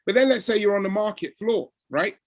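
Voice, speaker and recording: Chatting about workplace experiences and code switching, a man with a high voice moves along fairly quickly. He brings the quoted exchanges to life by acting them out with animation. No room sound is present.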